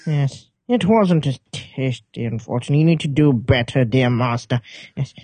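A man voicing a pompous male parrot from west London in a put-on posh English accent, slow and over-articulated. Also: medium pitch, darkish tone, slightly rough, no echo, voice pushed down, natural voice.

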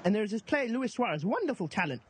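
A man co-hosting a comedy podcast, trading quick, teasing banter and recapping a sports story. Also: sits high, big pitch swings, slight background noise. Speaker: podcast co-host. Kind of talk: casual comedic podcast chat.

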